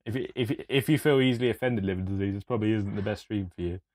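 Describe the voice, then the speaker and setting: Young male co-host, low voice, easygoing swearing, dry sound. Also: steady tone, quick pace, darkish tone, no room sound. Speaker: podcast co-host. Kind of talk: casual livestream chat.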